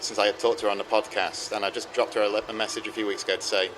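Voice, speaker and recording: A man's voice: on the low side, little pitch movement, rapid-fire, noisy background. A man co-hosting a casual roundtable chat, easygoing and rambling with many ums. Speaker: podcast co-host.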